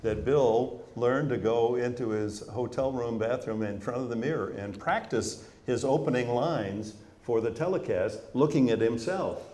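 A man's voice: medium pitch, mellow. A man sharing anecdotes and advice in conversation, sometimes repeating words as he starts a thought. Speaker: author and guest. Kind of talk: storytelling in conversation. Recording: roomy echo.

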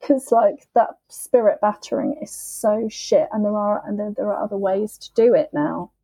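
A woman on a podcast, telling her sobriety story in a candid, emotional, halting way. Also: medium pitch, dark tone, husky, dry recording, poor audio. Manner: emotional, halting, with frequent restarts and swearing.

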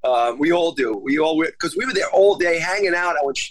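A man's voice: fairly high pitch, lively intonation, fairly quick, a little hiss or hum, rough recording. A man, a touring musician giving an earnest, emphatic interview and repeating himself for emphasis. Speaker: guest musician. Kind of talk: remote interview.

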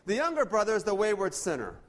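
A man's voice: sits high, wildly swooping pitch, quick pace. A man preaching a sermon, reading scripture aloud and often restarting his words. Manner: earnest preaching, frequent stammered restarts, reads scripture aloud. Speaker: pastor.

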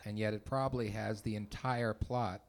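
A man chatting casually as a host, relaxed and thoughtful. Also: on the low side, moderate pace, gravelly. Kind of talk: casual chat.

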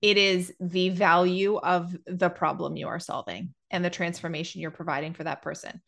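A woman speaking as a business coach in a casual podcast conversation, explaining in a measured, thoughtful way with pauses. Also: lowish voice, fairly even intonation, vocal fry, fairly bright tone.

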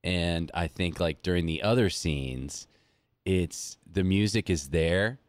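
A young man with a very low voice talks as a podcast guest, rambling loosely and leaning on fillers. His voice sits close and dry on the mic, with no room around it. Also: slow pace, no room sound. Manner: rambling, filler-heavy, acts out quotes. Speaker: podcast guest, musician and surfer. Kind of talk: casual chat.

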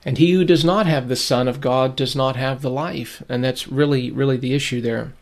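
A man giving sermon-style Bible teaching, earnest and emphatic, repeating key phrases for stress. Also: mid-range voice.

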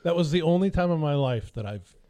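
A man on a fishing podcast, telling stories in a lively, animated way. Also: fairly high pitch, fairly quick. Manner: animated storyteller, acts out others' voices. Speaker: podcast host. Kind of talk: casual fishing chat.

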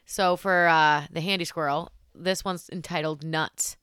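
A woman's voice: low voice, fairly even intonation, unhurried, a bit bright, clear, resonant tone, no echo, clean studio sound. A young woman hosting a casual chat, giggling often and reading reviews aloud with playful emphasis. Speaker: host.

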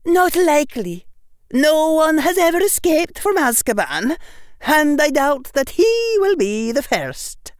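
A man's voice: very high-pitched, big pitch swings, takes it slowly, no echo, studio quality, pitched above the performer's own voice, heavily acted. Man voicing a stern, sardonic witch professor. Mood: grim. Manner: clipped, sardonic, hissing at times. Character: stern older female witch professor, dry and guarded. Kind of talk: audiobook character voice.

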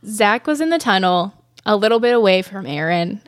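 Young woman host, chatty and giggly, mid pitch, dry studio sound. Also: expressive, moderate pace, no echo. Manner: giggly, rambling, many fillers. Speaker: podcast host. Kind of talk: casual chat recapping a ghost show.

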